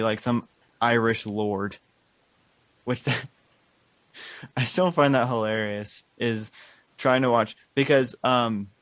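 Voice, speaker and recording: A man's voice: medium pitch, fairly bright tone, dry recording. A man co-hosting a podcast in casual chat, talking eagerly with lots of "like" and "um". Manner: enthusiastic, rambling, many fillers. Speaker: podcast co-host.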